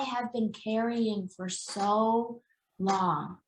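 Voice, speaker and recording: A woman's voice: on the high side, expressive, normal speed, fairly bright tone, slight background noise. Brief: woman guest, embodiment practitioner, earnest explanatory talk, echoey room sound. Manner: earnest, explanatory, repeats phrases for emphasis. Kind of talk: conversational podcast interview.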